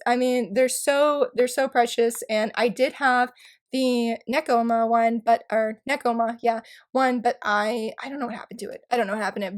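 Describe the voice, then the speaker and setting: A young adult woman chatting casually in a book vlog, gushing excitedly and correcting herself as she goes. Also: on the high side. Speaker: book vlogger. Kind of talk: casual chat.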